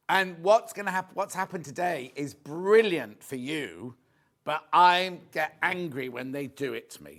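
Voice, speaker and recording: Man, shopping channel host, rambling self-mocking sales chat, fairly high voice. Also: fairly bright tone.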